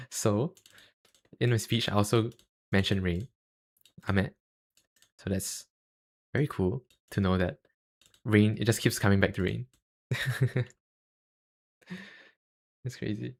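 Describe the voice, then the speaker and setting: A man streaming, chatting casually about language tones in a halting way, with many fillers and self-deprecating asides. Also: on the low side, gravelly. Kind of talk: casual livestream chat.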